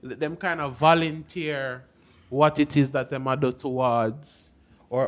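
A young man with a Jamaican accent, co-hosting a casual podcast chat and acting out quotes in lively voices. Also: normal speed. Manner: animated, acts out quotes in high voices. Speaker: podcast co-host.

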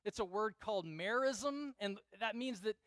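Middle-aged pastor guy preaching, pretty high voice, keeps repeating lines for emphasis. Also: moderate pace, a bit bright, no room sound. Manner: earnest, repeats key phrases, acts out prayers in dramatic quoted voices. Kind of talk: sermon.

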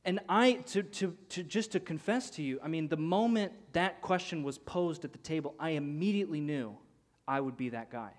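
A man preaching, telling a personal story and acting out the people in it with lively swings of voice. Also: fairly high pitch, normal speed. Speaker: pastor. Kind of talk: sermon story.

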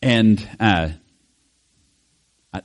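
A male pastor giving a conversational sermon, animated and chatty, acting out quotes with small laughs. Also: fairly low pitch, very slow.

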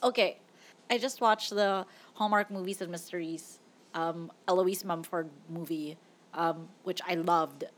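A woman's voice: lowish voice, steady tone, measured pace. A young woman hosting a casual movie-review podcast, chatty and opinionated. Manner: chatty, opinionated, laughs often. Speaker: podcast host.

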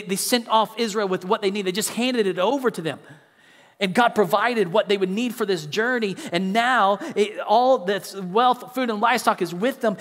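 High-voiced preacher man in a reverberant hall. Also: a bit bright. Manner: earnest preaching with many restarts and repeated words. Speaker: pastor. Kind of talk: sermon.

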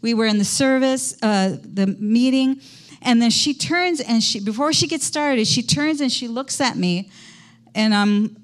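A middle-aged woman pastor with a high voice gives a conversational sermon in a church. She tells stories in a chatty way and keeps asking her congregation questions. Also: measured pace. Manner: conversational preaching, quizzing the congregation.

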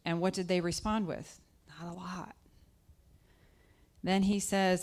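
A guest speaker, a woman, preaches a conversational sermon in a darkish voice with fairly even intonation, speaking a little slowly with long pauses. She puts questions to her listeners and acts out scripture voices with sudden jumps in pitch.

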